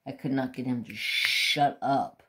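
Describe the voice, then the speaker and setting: An unhurried man rambling to his viewers while he works on a craft. He drifts from one thought to the next and swears casually as he goes. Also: mid-range voice, fairly even intonation, sharp tone. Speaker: craft vlogger.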